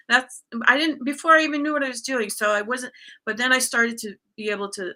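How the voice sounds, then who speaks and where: A woman's voice: fairly high pitch, steady tone, brisk, pushed and bright. A woman guest speaking as a coach in a casual conversation, candidly telling a personal story with plenty of fillers and restarts.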